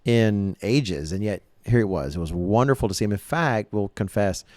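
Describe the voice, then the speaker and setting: A man's voice: lowish voice, lively intonation, normal speed, a little mellow, dry recording. A man hosting a podcast in casual chat, earnest and rambling, often restarting his sentences. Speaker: podcast host.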